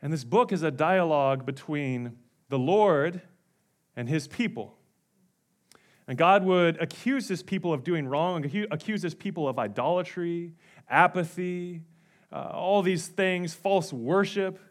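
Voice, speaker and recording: Dynamic preaching pastor, a man. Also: measured pace. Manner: dynamic preaching, swinging from hushed lows to loud outbursts. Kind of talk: sermon. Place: church sanctuary.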